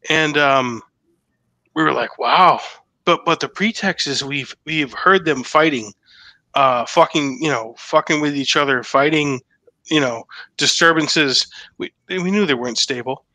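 A man telling a story in casual chat, excitable and profane, stumbling and repeating himself. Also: on the high side, measured pace, no room sound.

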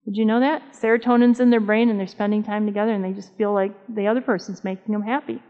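A woman's voice: mid-range voice, steady tone, fast. Chatty woman preaching in a reverberant hall. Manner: chatty, humorous storytelling with audience questions. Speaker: speaker at a church camp meeting. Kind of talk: conversational sermon. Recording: dull sound with long hall reverb.

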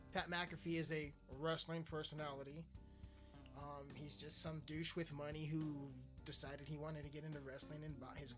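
A man hosting a podcast, ranting casually in a crude, rambling, mocking way. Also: on the high side. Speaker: podcast host. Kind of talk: casual profane rant. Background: loud music.

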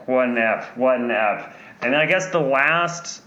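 A man co-hosting a podcast in casual, joking chat with deadpan asides. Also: mid-range voice, unhurried, echoey room, highs cut off. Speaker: podcast co-host.

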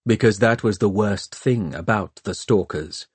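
A man narrating an audiobook in a measured, dramatic way. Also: lowish voice, a little mellow, breathy edge, dry recording.

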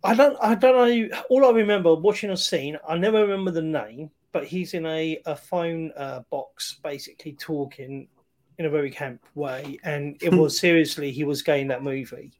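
A man talks casually about films over a remote call. His voice sits a little high for a man. He rambles and hesitates, full of fillers and restarts. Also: moderate pace, a little mellow.

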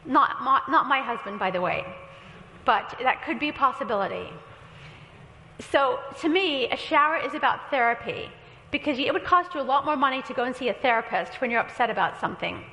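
A woman's voice: high voice, animated, brisk, pushed and bright. A woman pastor preaching a sermon, telling a story with quoted dialogue and light humor. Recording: echoey hall with long reverb.

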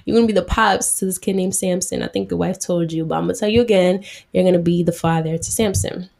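A breezy angel messenger , played by a woman in her own voice, talks like a casual friend dropping by. The delivery is chatty and quick, with a low, relaxed tone. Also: gravelly. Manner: breezy, talkative.

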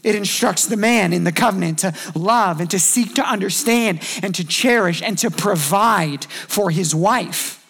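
A man delivering a sermon in a loose, conversational preaching style. His voice sits high for a man and carries a gravelly roughness. He slips into brief acted-out quotes to make his points. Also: measured pace, hardly any pauses, a bit bright. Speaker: pastor.

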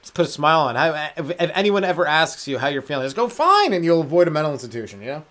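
Young male comic, solo podcast rant, loose and crude, chuckles at his own bits, voice sits a bit high. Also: rapid-fire, a bit bright. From Canada. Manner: rambling, jokey, crude, laughs at own jokes. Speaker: stand-up comedian podcast host.

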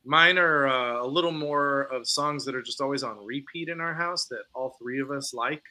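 A man's voice: mid-range voice, moderate pace, pushed and bright. A man co-hosting a podcast, chatting casually and laughing often. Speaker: podcast co-host. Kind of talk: casual chat.

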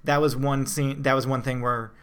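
A man's voice: medium pitch, flat delivery, moderate pace, a bit bright, clear, resonant tone. A man co-hosting a podcast, chatting casually and animatedly about a film he reviewed, with many restarts and fillers. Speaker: podcast co-host.

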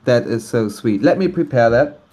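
A man's voice: mid-range voice, lively intonation, normal speed, mellow. A man whose first language is not English, speaking on a community voice call and announcing a nomination with many ums and restarts. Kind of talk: casual chat on a community voice call. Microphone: online voice call.

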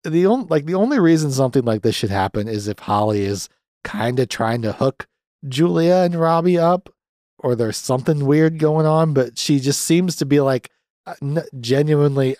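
A man's voice: on the high side, expressive, moderate pace, a little mellow, dry recording, clean studio sound. A man in his thirties hosting a podcast, chatting casually and ramblingly about a film and swearing freely. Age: 30s. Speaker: podcast host. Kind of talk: casual movie review chat.

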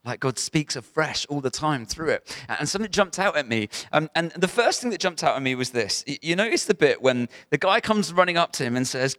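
A man's voice: sits high, sing-song, brisk, few pauses, fairly bright tone, no room sound, studio quality. A man preaching a sermon to a church gathering, in a conversational, emphatic way with frequent restarts.

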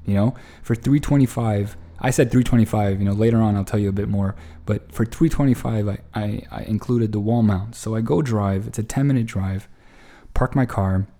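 A man's voice: lowish voice, normal speed. A man telling a long casual story to the camera, full of restarts and profanity, with an exasperated edge. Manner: rambling, profane, lots of restarts; exasperated, animated retelling. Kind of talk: casual anecdote monologue.

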